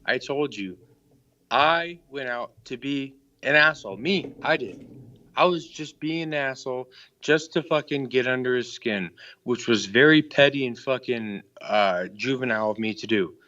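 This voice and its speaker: A man's voice: medium pitch, normal speed, pushed and bright. Guy calling in to a stream, defensive, cussing, muffled lo-fi line. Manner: defensive, swears a lot, rambling. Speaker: caller. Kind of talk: heated call-in argument. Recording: dull lo-fi call-in audio.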